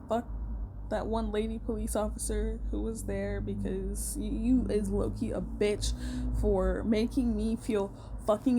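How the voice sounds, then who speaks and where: A woman's voice: mid-range voice, background noise. A young woman telling a personal story in a casual rant, blunt and heated, swearing a lot. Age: young adult.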